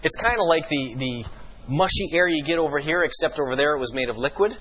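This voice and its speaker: A man preaching a sermon as pastor, emphatic and full of rhetorical questions, slowing down for dramatic pauses. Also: on the high side, a bit bright, dull audio.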